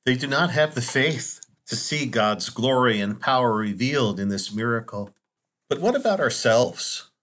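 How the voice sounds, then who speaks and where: Earnest priest preaching a measured homily. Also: male voice, medium pitch, animated, a bit bright. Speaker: Catholic priest. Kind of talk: Sunday homily.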